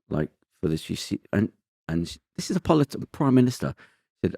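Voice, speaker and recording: Deep-voiced man chatting on a podcast. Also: fast, vocal fry, no echo, studio quality. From Britain. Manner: rambling, emphatic, animated storytelling. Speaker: podcast host. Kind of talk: casual chat.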